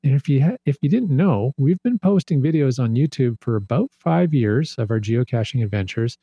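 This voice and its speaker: A man's voice: mid-range voice, animated, normal speed, mellow, husky, dry recording, muffled recording. A man chatting as a podcast guest, upbeat and enthusiastic as he talks about his geocaching videos. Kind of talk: casual podcast chat.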